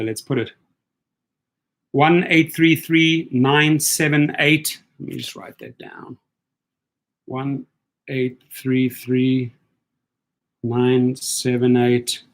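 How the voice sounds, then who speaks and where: A man hosting a live stream, reading viewer comments aloud and calling things out in a blunt, indignant way that often repeats itself. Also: medium pitch.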